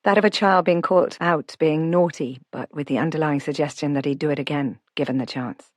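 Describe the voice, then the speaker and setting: Give me a low-pitched woman reading a novel aloud in a calm, even way, recorded dry. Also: brisk, no room sound. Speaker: audiobook narrator. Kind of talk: first-person novel narration.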